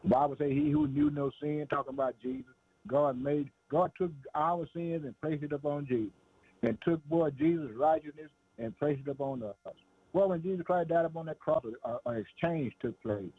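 A fervent male preacher with a husky, slightly high voice, working through his sermon and breaking into short laughs. The sound is thin and tinny, like it is coming through a phone line or old radio. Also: animated, moderate pace. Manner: fervent, calls "boy" and "man", laughs between lines.

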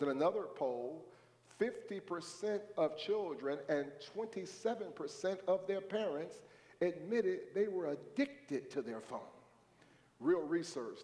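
A man's voice: fairly high pitch, darkish tone. A man preaching a sermon to a church congregation, talking conversationally and prompting the crowd to respond. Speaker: pastor. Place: church sanctuary. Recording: echoey hall reverb.

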